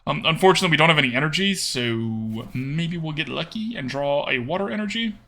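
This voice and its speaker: A young man streaming a card game, his fairly high voice bright and edged, swinging widely in pitch. He talks casually through each move, thinking aloud with soft hums and doubled okays. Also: expressive, brisk. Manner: thinks aloud with murmured hmms and repeated okays. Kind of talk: casual live gameplay commentary.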